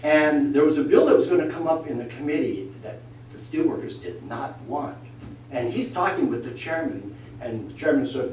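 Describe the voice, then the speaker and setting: An older man telling folksy, animated stories about his working life to a church class, acting out the voices of the people he quotes. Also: medium pitch, moderate pace. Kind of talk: anecdotal storytelling talk. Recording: echoey room from far off, dull lo-fi sound, faint noise.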